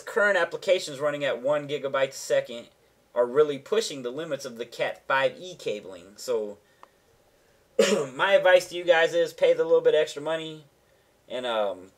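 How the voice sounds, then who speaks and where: Casual rambling male gaming vlogger. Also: mid-range voice. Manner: rambling, loose and conversational with restarts; slangy, offhand. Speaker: gaming channel host. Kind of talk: casual tech vlog explanation.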